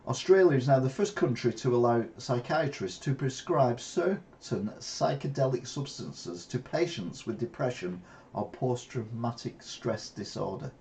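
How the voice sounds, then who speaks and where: A man's voice: mid-range voice, expressive, a little slow, a little mellow, slight background noise. An older man, chatting through news stories in a rambling way with wry asides. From England. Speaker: channel host. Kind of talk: casual news commentary.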